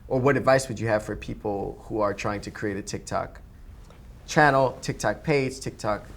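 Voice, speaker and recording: A man hosting an interview, relaxed and joking, asking long rambling questions. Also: fairly low pitch, normal speed, vocal fry. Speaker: interview host. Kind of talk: casual interview chat.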